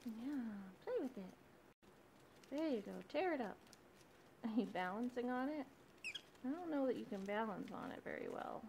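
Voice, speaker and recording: A woman chatting to her pet birds at home beside their cage, in soft, sing-song baby talk with frequent small laughs. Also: a little high, animated, moderate pace, vocal fry, long pauses, slight background noise, low-quality recording.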